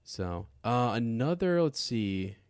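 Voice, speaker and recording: A man's voice: mid-range voice, very animated, slow pace, a little mellow, clear, resonant tone, no echo, studio quality. A man co-hosting a podcast, chatting casually about a film, rambling with many restarts. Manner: rambling, full of fillers and restarts. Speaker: podcast co-host.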